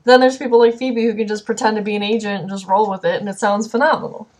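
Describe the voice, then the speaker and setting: Female co-host, animated and self-mocking, natural casual delivery. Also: mid-range voice, fast talker. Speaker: podcast co-host. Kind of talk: casual chat.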